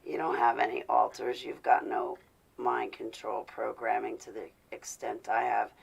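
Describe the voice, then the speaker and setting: Gravelly-voiced woman venting to viewers. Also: rumbling low, flat delivery, unhurried, rough recording. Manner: intense, confessional, rising to indignant. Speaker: vlogger speaking to live viewers. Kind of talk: casual live-stream talk.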